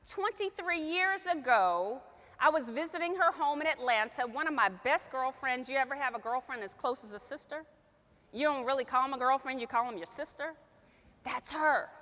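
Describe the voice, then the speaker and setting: Woman, high lively voice, bright tone, emotional storytelling, long hall reverb. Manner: animated storyteller, acts out quoted dialogue. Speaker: company sales trainer.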